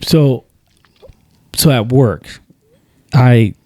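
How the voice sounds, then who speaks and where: A man's voice: mid-range voice, very slow, darkish tone, no echo, clean studio sound. A man co-hosting a podcast, chatting casually in a rambling way, often restarting and quoting himself. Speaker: podcast co-host.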